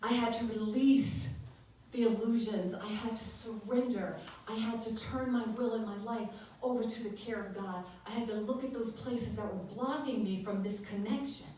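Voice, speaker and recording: A woman giving a lively church talk, telling a story with animated voices and leading call-and-response with the congregation. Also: fairly high pitch, normal speed, a little hiss or hum. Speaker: guest speaker and singer. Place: large church sanctuary. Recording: echoey live church recording from far off.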